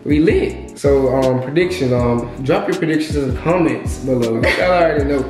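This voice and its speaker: A young man chatting in a slangy, boastful, playful way as he hosts a video. His voice sits at an everyday middle pitch. The room is echoey and music plays behind him. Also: normal speed. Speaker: YouTube host. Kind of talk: casual couple challenge chat.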